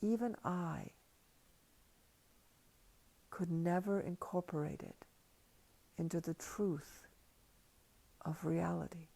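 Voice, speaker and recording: An older woman talks slowly and quietly into a livestream mic, her low voice gravelly and dark. She drifts in and out of soft whispers as she reflects. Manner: soft and hushed, slipping into whispers. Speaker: spiritual teacher. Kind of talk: slow reflective livestream talk. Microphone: livestream computer mic.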